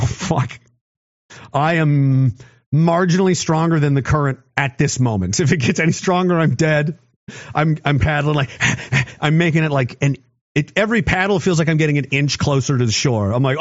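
A man's voice: medium pitch, muffled recording. A man in his thirties in a rambling, sarcastic casual monologue, swearing and laughing often. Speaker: commentator.

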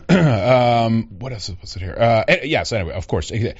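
A man's voice: medium pitch, animated, a little slow, slightly rough. Rambling sarcastic male podcast host. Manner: rambling, sarcastic, often laughing. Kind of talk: casual opinionated chat. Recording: dull lo-fi podcast audio.

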